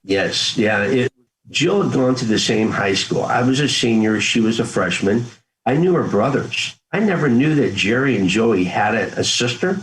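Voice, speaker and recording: A man's voice: medium pitch, lively intonation, normal speed, fairly bright tone, poor audio. A man in his sixties, a former Marine, telling his story as an interview guest in an earnest, folksy way and acting out old family talk. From United States. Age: 60s. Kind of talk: conversational storytelling.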